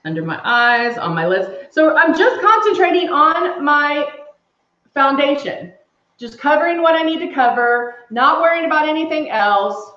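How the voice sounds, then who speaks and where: A woman's voice: high-pitched, lively intonation, normal speed, bright, forceful tone. A woman doing a casual live makeup tutorial, chatting through each step and reading comments from viewers. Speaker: makeup demonstrator on a livestream. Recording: echoey room, slightly dull sound.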